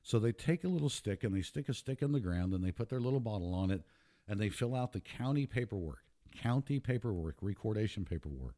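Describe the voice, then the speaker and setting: A man's voice: on the low side, animated, brisk, dark tone. A man hosting a show, talking in a casual, emphatic monologue, repeating himself and getting worked up. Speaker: podcast host.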